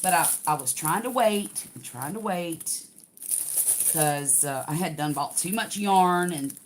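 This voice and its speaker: A woman's voice: on the low side, animated, measured pace, a little hiss or hum. An older woman, chatting casually to livestream viewers while unboxing a craft kit.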